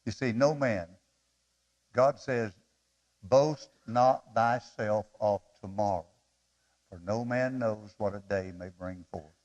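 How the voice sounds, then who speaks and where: A middle-aged man preaching a sermon as pastor, emotional and pleading, swinging from loud appeals to soft asides. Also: lowish voice, takes it slowly.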